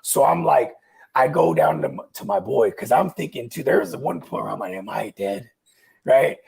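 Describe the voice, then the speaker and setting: A man's voice: medium pitch, big pitch swings, moderate pace, creaky, a little mellow, breathy edge. A young man casually telling a long, rambling story, swearing and laughing along the way. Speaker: podcast host.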